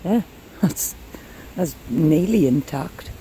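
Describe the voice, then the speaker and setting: A man's voice: on the high side, animated, slow, dark tone, poor audio. A man mudlarking on a river bank, muttering casual commentary to himself as he searches. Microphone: handheld camera mic. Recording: outdoor noise on camera mic.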